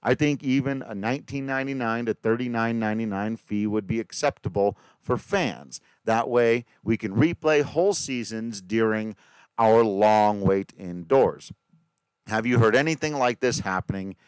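A man hosting a podcast, talking casually and poking fun at himself. His voice sits a little low and sounds smooth and resonant. The recording is dry and close, with no room sound. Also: normal speed, dry recording. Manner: chatty, joking, self-deprecating. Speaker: podcast host. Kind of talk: casual podcast chat with ad read.

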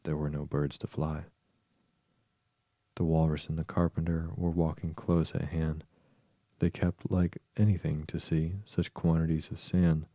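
A man reading a classic story aloud in a slow, soothing, measured bedtime voice as podcast host. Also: very deep voice, little pitch movement, mellow, dry recording.

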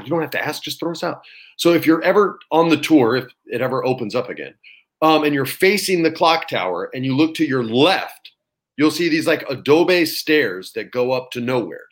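Man, actor guest, casual storytelling, animated, swears casually, acts out quotes, mid pitch.

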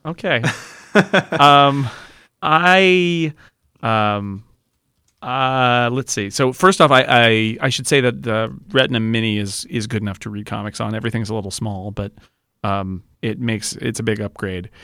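A man's voice: medium pitch, measured pace, pushed and bright, clean tone, no echo, clean studio sound. A man guesting on a podcast, chatting casually and rambling with restarts. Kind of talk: casual chat.

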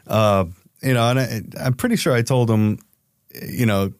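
Low-voiced swearing man. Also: moderate pace, smooth, no room sound, clean studio sound. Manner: swears freely, acts out quotes with raised pitch. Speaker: private investigator guest. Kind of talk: casual storytelling interview.

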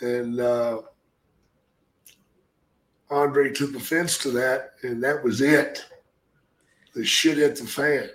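An older man telling profane stories in casual chat, with a gruff manner and loud acted-out quotes. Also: medium pitch, steady tone, takes it slowly, long pauses. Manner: gruff, swears constantly, acts out quotes loudly. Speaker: podcast guest, storyteller. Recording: echoey room.

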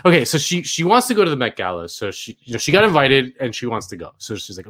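A middle-aged man co-hosting a casual political chat. He talks haltingly, repeats his words as he searches for them, and chuckles often. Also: mid-range voice, sing-song, fairly bright tone. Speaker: podcast co-host.

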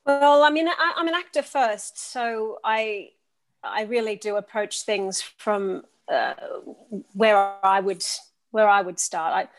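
A woman's voice: mid-range voice, slow. A woman from Australia, a musical theatre actress, chatting in an interview in a bubbly, self-deprecating way. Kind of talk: casual interview chat.

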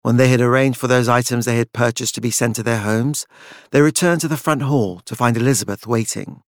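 An audiobook narrator tells a dark gothic story in a measured, even voice. His pitch is medium, and the sound is clean studio audio with no echo.

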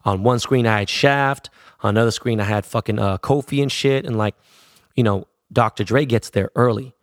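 A middle-aged Los Angeles DJ and producer with a medium-pitched voice tells a story casually, heavy on cursing and street slang. He acts out the people in it with quick voices, in a dry, studio-quality recording.

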